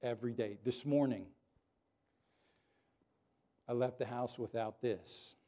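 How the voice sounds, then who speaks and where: Man preaching a sermon, warm mellow voice. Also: mid-range voice, slow pace. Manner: earnest, animated preaching that drops to soft prayer. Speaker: pastor.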